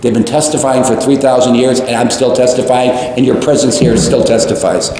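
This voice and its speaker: A male priest preaching a homily, animated and repeating phrases for emphasis, with jokes and tangents. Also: mid-range voice, brisk, a little hiss or hum. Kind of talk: sermon. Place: large church. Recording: echoey church, long reverb.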